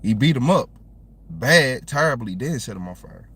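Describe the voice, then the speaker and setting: A man's voice: mid-range voice, expressive, normal speed, fairly bright tone, breathy edge. A young man with a Southern American accent, chatting casually and rambling on a livestream with lots of slang.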